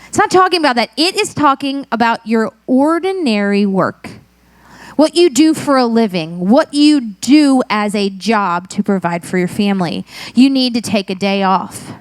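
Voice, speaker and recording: A woman in her thirties preaching a conversational sermon as a pastor, animated and joking with the congregation. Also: on the high side, normal speed, no echo. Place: church sanctuary.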